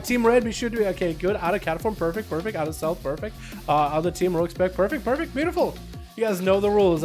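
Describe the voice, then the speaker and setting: A young man with a high, light voice hosts a game livestream, bantering with viewers and teasing himself. He shifts into fast, excited play-by-play as the duels start. Faint music plays underneath. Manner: playful, self-mocking, quick excited commentary. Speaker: streamer hosting arena duels. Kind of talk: casual livestream chat and play-by-play commentary.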